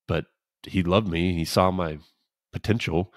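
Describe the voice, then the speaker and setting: A man co-hosting a casual podcast, a former pro pitcher telling laid-back, rambling stories. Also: normal speed, dry recording, clean studio sound. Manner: laid-back, rambling anecdotes with quoted dialogue. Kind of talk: casual storytelling chat.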